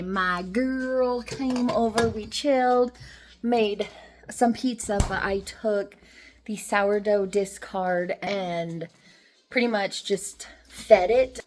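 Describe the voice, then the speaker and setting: A woman's voice: medium pitch, a little mellow, slight background noise. A woman vlogger and rideshare driver talking in a chatty, rambling, emotional and upbeat way. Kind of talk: casual vlog chat.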